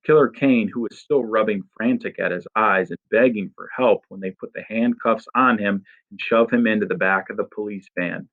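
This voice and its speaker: A man reading a first-person story aloud in a steady, expressive narration. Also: on the low side, moderate pace, hardly any pauses, narrow, tinny audio. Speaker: audiobook narrator.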